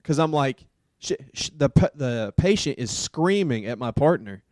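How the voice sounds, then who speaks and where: A man who works as a paramedic tells a story in a casual, animated way, with lots of fillers like "dude" and "man". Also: medium pitch, normal speed, no echo, clean studio sound. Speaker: paramedic and podcast host.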